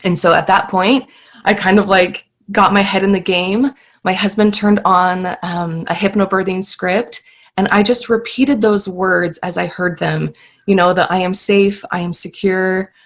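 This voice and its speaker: A woman's voice: mid-range voice, fairly even intonation, unhurried. A woman in her thirties, a podcast guest telling her own story in an earnest, heartfelt way with many fillers. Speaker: guest sharing birth story.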